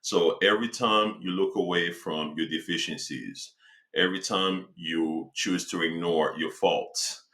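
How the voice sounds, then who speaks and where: Deep-voiced man giving a casual motivational talk. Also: sharp tone. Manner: slangy, conversational, slows for emphasis. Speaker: self-help speaker.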